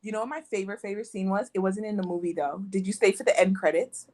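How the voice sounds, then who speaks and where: A woman's voice: mid-range voice, steady tone, fast talker, a little mellow. A woman co-hosting a casual movie review podcast, animatedly retelling scenes, acting out quotes and laughing often. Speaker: podcast co-host.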